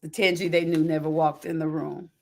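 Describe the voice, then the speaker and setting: A woman reads from her own memoir with deep feeling. Her delivery swings from hushed, near-whispered lines to loud, raw bursts. Now and then she drops into folksy asides to her listeners. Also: level tone, fairly quick, gravelly. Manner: emotional, dramatic swings from quiet to loud. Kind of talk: expressive memoir reading.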